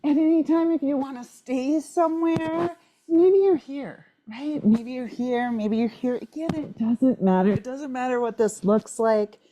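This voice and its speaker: Breathless woman leading a gentle yoga class. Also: sits high, measured pace, dull audio, slight background noise. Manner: encouraging, relaxed, repeats "right?" and "maybe you're here". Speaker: yoga instructor. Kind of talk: guided yoga class instruction.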